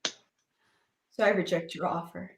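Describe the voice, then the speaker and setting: A woman's voice: fairly low pitch, steady tone, slow pace, creaky, reverberant, slight background noise. A woman playing a defiant young woman who answers firmly in a stage reading. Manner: firm, defiant.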